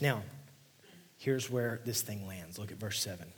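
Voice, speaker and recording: A male pastor delivers an earnest sermon in a husky, breathy voice. He reads scripture aloud and then unpacks it, and at key points his voice drops to a hushed near-whisper. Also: lowish voice, measured pace. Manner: intense, dropping to hushed near-whispers for emphasis.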